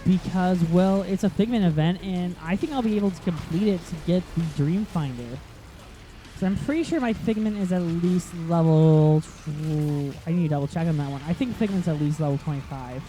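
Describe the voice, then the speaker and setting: A man's voice: high voice, animated, normal speed, dark tone, a little hiss or hum. A man hosting a casual let's-play commentary, rambling and chatty, easily sidetracked, filling gaps with lots of ums. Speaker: gaming channel host.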